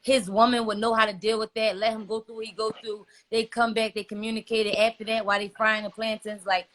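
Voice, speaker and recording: A woman in a casual podcast debate, measured and reasoning aloud. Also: on the high side, level tone, fairly bright tone. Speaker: podcast panelist.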